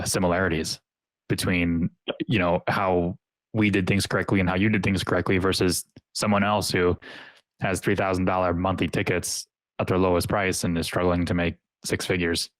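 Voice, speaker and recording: A man's voice: low voice, level tone, normal speed, dry recording. A man hosting a podcast, chatting casually with fillers and restarts. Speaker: podcast host. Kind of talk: casual conversational interview.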